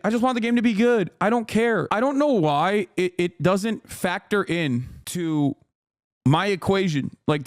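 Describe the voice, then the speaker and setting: A man hosting a stream, ranting in casual commentary with animated, profane emphasis. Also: fairly high pitch, smooth, dry recording, studio quality. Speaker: streamer host.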